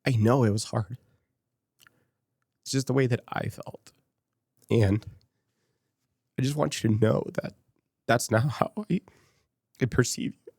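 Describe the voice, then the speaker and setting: A man's voice: medium pitch, a little slow, creaky, long pauses, darkish tone, breathy edge, no echo, studio quality. A man from Las Vegas speaking as a podcast guest, telling a candid personal story and retelling past conversations in quoted dialogue, emotional and choked up at times. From Las Vegas, USA.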